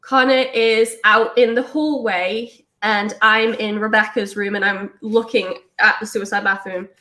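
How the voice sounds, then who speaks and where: A young woman, a guest on a talk show, excitedly telling a paranormal story and acting out what was said. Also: a little slow. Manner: excitable, acts out quotes in a high voice.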